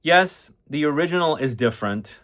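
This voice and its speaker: A man's voice: fairly high pitch, lively intonation, normal speed, fairly bright tone. A man casually reviewing fragrances, chatty and enthusiastic, rambling with fillers and restarts.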